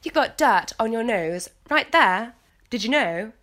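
A woman's voice: a little high, animated, a little slow, a bit bright, pitched above the performer's own voice. A woman imitating a prim, know-it-all British schoolgirl in a British accent, correcting people in a bossy way. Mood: prissy. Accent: British English.

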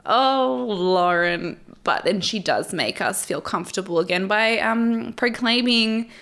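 A woman's voice: mid-range voice, expressive, unhurried, a bit bright. A woman hosting a solo podcast at home, recapping a show in a candid, wry, chatty way with frequent laughs. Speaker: podcast host. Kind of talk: solo casual recap commentary. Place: at home alone with her cats.

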